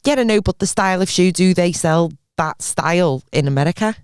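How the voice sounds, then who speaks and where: A woman, co-hosting a podcast in casual chat with quick teasing one-liners. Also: on the low side, darkish tone, clear, resonant tone, no room sound, studio quality. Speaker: podcast co-host.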